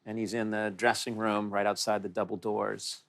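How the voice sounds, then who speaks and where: A man in casual conversation, speaking softly in halting phrases. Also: fairly low pitch, level tone, vocal fry. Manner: trails off, soft halting phrases. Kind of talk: casual chat.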